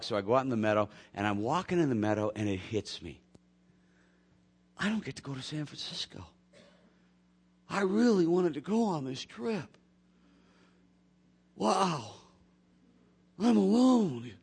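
A man's voice: medium pitch, a bit bright. A male pastor preaching a sermon, his voice rising and falling in wide swings as he tells a story from his own week. He slips into the voices of the people he quotes, keeping the congregation along with him. The delivery is casual and conversational, with a middle-aged tone.

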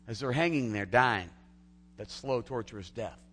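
A pastor giving a conversational sermon that swings between loud, emphatic build-ups and hushed, quiet lines. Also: male voice, medium pitch, normal speed.

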